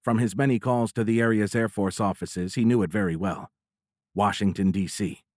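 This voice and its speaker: A man narrating a military science fiction audiobook in a steady, measured storytelling voice. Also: fairly low pitch, dry recording, clean studio sound.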